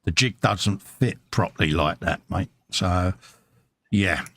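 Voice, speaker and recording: A man's voice: deep voice, takes it slowly, a bit bright. Chatty British man reading comments. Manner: chatty, reads viewer comments aloud, calls everyone mate. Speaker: live show co-host. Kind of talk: casual live-stream chat. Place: hobby workbench at home.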